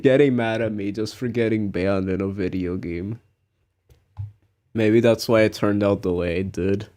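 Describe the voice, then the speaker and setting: A man's voice: lowish voice, fairly even intonation, a little slow, dark tone. A young man streaming, chatting casually and rambling through a story with frequent laughs. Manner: rambling, laughs at himself while telling stories. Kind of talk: casual chat.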